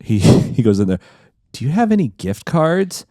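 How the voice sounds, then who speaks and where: A man's voice: a little high, very animated, moderate pace, dark tone, no room sound, studio quality. A man co-hosting a podcast in casual chat, laughing often as he tells stories. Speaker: podcast co-host.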